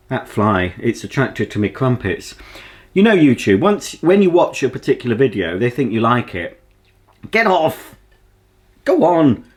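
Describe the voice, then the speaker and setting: A homely Yorkshire man vlogging in a loose, rambling chat, often stopping for an um before he carries on. His pitch sits in the middle for a man, and the talk is relaxed and unscripted. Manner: rambling, homely, full of ums. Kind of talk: casual chat to camera.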